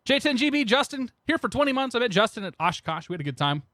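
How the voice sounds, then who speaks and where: A man's voice: very high voice, very animated, fast, bright, forceful tone, no room sound, clean studio sound. A young man streaming a flight sim, rambling casually and greeting his chat by name into a desk microphone. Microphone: new desk microphone.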